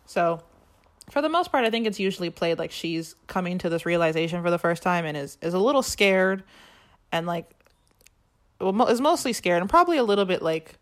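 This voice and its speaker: Chatty woman with a low voice. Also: fairly quick. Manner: animated retelling, acts out quoted lines with lots of "like". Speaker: podcast co-host. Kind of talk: casual chat recapping a musical.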